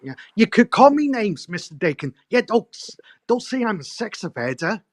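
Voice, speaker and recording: Halting man on a dry, close line. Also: high-pitched, big pitch swings, no room sound. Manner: aggrieved, halting, with fillers. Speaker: guest on a live stream. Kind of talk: casual live chat.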